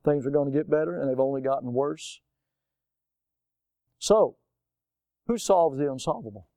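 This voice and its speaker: Smooth-voiced preacher man. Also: medium pitch, moderate pace, dark tone, no echo. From United States. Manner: preaching with rhetorical questions and emphatic repetition. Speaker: pastor. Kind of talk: sermon.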